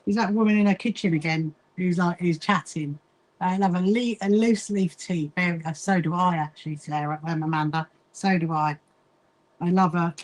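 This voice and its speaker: A woman's voice: lowish voice, fairly even intonation, normal speed. Chatty British woman hosting a sewing stream. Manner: chatty, reads viewer comments aloud, frequent "hang on" asides. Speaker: livestream host. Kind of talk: casual chat while sewing.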